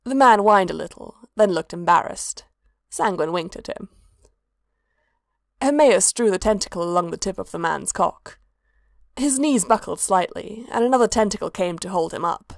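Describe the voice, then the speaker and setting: A woman narrating a story in a steady, even reading voice. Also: medium pitch, normal speed, gravelly, no room sound, studio quality.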